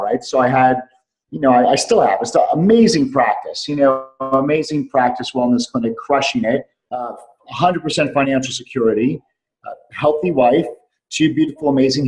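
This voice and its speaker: A man's voice: a little high, rough recording. A middle-aged man on a remote call, telling a personal story earnestly as a podcast guest, repeating phrases for weight. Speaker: podcast guest, clinic doctor.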